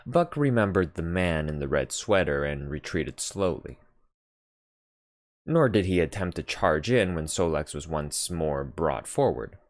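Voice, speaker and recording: Low-voiced guy narrating an old novel, slow and expressive, very dry close mic. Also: no echo. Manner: measured, expressive reading. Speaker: audiobook reader. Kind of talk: unhurried literary narration.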